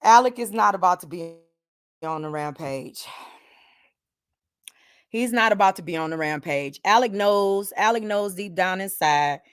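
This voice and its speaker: An older woman hosting a livestream, talking in an emphatic casual rant that swings from loud to hushed, with sighs. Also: mid-range voice, a little slow, long pauses, clean tone. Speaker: livestream host.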